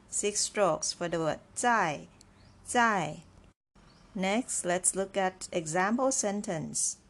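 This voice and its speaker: A woman teaching a beginner language lesson, speaking slowly and patiently, repeating words and checking in with "right?". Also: mid-range voice, fairly bright tone. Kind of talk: slow, clear classroom lesson.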